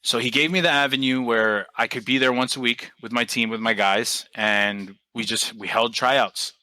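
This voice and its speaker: Guest spot: young New man, bright voice, dry close sound, loose storyteller who swears casually. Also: medium pitch, fairly even intonation, moderate pace, dry recording, poor audio. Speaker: podcast guest, team coach.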